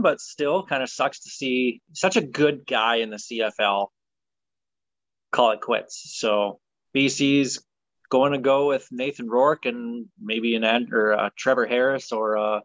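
A man hosting a casual sports podcast, leading segments in a brisk, opinionated way. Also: mid-range voice, a bit bright, no echo. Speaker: podcast host. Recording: dull, dry sound.

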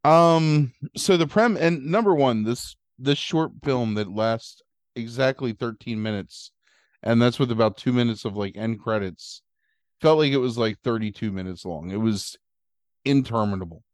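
A man's voice: medium pitch, moderate pace, no echo, clean studio sound. Man rambling through a movie recap. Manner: rambling, animated storytelling with silly put-on voices. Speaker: podcast host. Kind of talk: casual movie recap chat.

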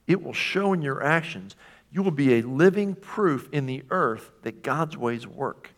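A man's voice: a little high, animated, measured pace. A man preaching a sermon in a conversational way, often putting questions to the congregation. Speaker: pastor.

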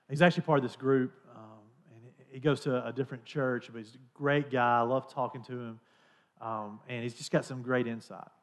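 A man in his thirties or forties preaching a sermon in a conversational, storytelling manner. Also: medium pitch. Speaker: pastor.

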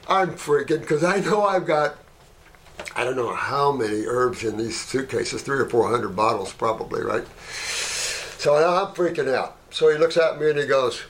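An older man, a natural healer, telling rambling anecdotes in a casual way and getting animated when he retells them. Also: medium pitch, normal speed, gravelly. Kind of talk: casual storytelling.

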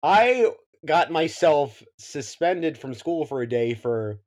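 A man's voice: a little high, very animated, slow pace, a little mellow. A man speaking as a podcast guest in casual chat, with a wry, joking manner.

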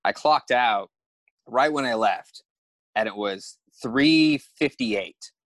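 A young man, a podcast guest, telling a story in a lively way and acting out his own thoughts. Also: medium pitch, slow pace, dry recording. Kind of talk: animated storytelling.

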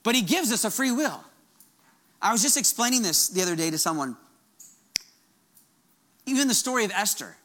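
Fervent, animated male pastor preaching. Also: high-pitched, moderate pace, pauses often. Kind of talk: sermon.

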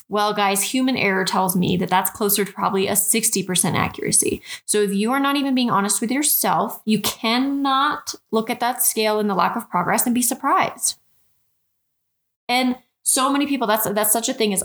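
A woman's voice: fairly high pitch, a bit bright. A woman nutrition coach talking straight to her podcast listeners, frank and chatty, often calling them "guys". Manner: direct, frank, keeps addressing listeners as "guys"; chatty, with quick restarts and rhetorical questions. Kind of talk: podcast monologue.

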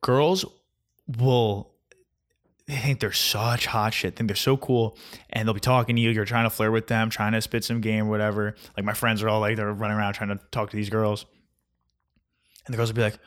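Young man, twenties, casual vlog rant, sarcastic, mocking, animated, filler-heavy. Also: fairly low pitch, brisk. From New Jersey. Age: 20s. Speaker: vlogger. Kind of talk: casual ranting monologue.

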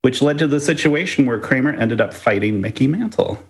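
A man co-hosting a podcast, chatting casually and telling stories in a playful, lively way with chuckles. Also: mid-range voice, brisk. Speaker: podcast co-host.

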